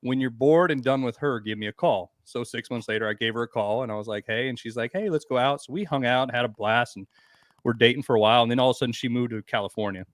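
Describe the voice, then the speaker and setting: A man's voice: mid-range voice, fast talker, dry recording. A middle-aged man on a podcast, telling crude stories in casual chat and acting out the voices of the people in them. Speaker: podcast guest.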